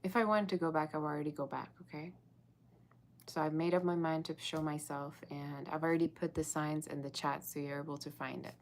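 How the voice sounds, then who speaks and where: Low-voiced chatty woman reading tarot. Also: steady tone, fairly quick, slight background noise. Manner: chatty, talks to viewers in a live chat. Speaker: tarot reader. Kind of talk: live-stream tarot reading.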